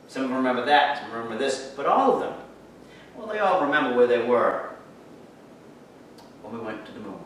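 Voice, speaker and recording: A man teaching a history lecture, lively and sarcastic, talking straight to his class. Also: medium pitch, brisk, pauses often, slight background noise. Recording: echoey room, far from mic.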